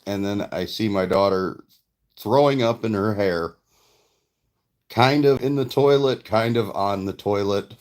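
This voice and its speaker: A man's voice: lowish voice, clean tone. A man and father telling a rambling, profane story in a casual vlog. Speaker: vlogger and father.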